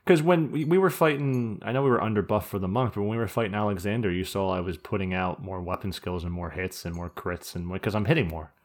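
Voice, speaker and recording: A man's voice: on the low side, fast, hardly any pauses. A man co-hosting a casual gaming podcast, rambling and swearing as he talks through game strategy. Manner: rambling, profane, joking. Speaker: podcast co-host.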